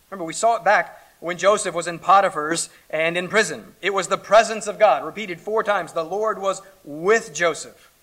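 Bright-voiced man preaching a sermon. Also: a little high. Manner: dramatic swings from loud to hushed; reads scripture then comments conversationally. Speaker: pastor.

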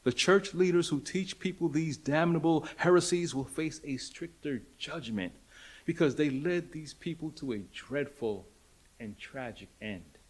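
A man preaching with emphasis, his voice sitting a little high for a man. He swings from loud declarations down to near-hushed lines and drives home points with repeated rhetorical questions. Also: unhurried, slightly rough. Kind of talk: sermon.

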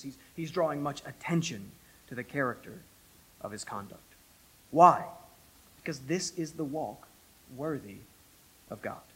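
A male pastor preaching a sermon, emphatic and lively, with self-deprecating asides. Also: a little high, slightly rough, low-quality recording.

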